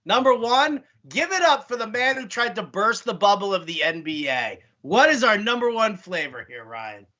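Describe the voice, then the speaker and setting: A man's voice: sits high, big pitch swings, moderate pace, few pauses, sharp tone, muffled recording. A man co-hosting a podcast, chatting casually in a rambling, joking way full of fillers. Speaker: podcast co-host. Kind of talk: casual banter.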